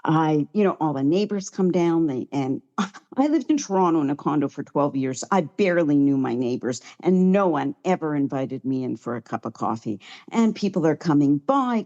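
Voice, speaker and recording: A woman's voice: low-pitched, animated, normal speed, mellow, muffled recording. A middle-aged woman giving a chatty, heartfelt personal recovery share at a meeting, sometimes close to tears. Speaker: guest speaker at a recovery meeting.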